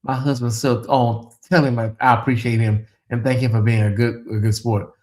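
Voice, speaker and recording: A man's voice: medium pitch, flat delivery, normal speed, darkish tone. A man hosting a casual late-night livestream in a chatty, drawling way, reading viewer comments aloud and talking to the audience as "y'all". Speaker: livestream host.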